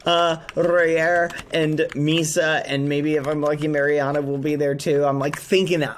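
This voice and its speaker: A man streaming, telling a story to his chat in an animated, exclamatory way while steering clear of swearing. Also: a little high, slow, a little hiss or hum.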